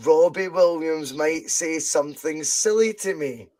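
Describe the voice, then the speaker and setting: A man with a slightly high voice, co-hosting a podcast and telling stories with lively energy. He swears freely and keeps the chat loose and casual. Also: unhurried. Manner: animated storyteller who swears freely. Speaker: podcast co-host.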